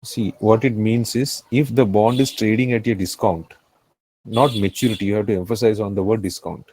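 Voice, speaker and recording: A man's voice: on the low side, steady tone, normal speed, darkish tone, a little hiss or hum, low-quality recording. A man with an Indian English accent teaching a finance class, repeating key phrases and often checking that the students follow. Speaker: finance tutor. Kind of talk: live classroom lecture.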